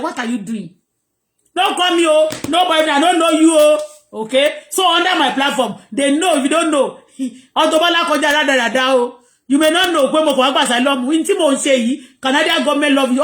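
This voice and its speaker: A Nigerian woman with a very high, piercing voice rants to her viewers, hammering the same warnings over and over. She flips between Pidgin, English and Yoruba, and the room around her rings with a hollow echo. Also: fairly bright tone. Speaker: vlogger. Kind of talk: ranting monologue to viewers. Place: home.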